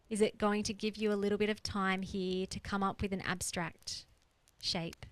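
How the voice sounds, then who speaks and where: A woman's voice: medium pitch, level tone, normal speed, a bit bright, no echo, poor audio. A woman coach leading a guided exercise on a group coaching call, earnest and explanatory, repeating her key points. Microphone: video call.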